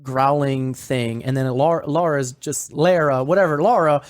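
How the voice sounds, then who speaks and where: Rambling, swearing podcast host. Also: male voice, medium pitch, a little slow. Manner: rambling, lots of "like", swears freely. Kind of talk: casual storytelling recap.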